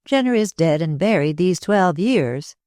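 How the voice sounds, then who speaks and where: Narrator doing a cold, sharp-tongued aunt for a storybook, dry close read. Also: mid-range voice, lively intonation, a little slow, no echo, lightly acted. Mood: scornful. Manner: sharp, scornful. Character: stern domineering middle-aged aunt.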